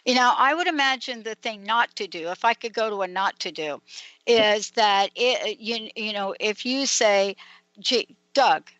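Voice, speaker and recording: A woman's voice: medium pitch, normal speed, fairly bright tone, no room sound, highs cut off. A woman hosting a radio talk show, conversational and asking thoughtful questions. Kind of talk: radio interview.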